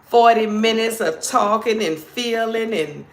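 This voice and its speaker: A woman's voice: on the high side, measured pace, reverberant. A woman with a New Orleans accent, chatting casually and playfully with viewers on a live stream as a comedian host. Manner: chatty, playful, calls viewers "girl" and "child".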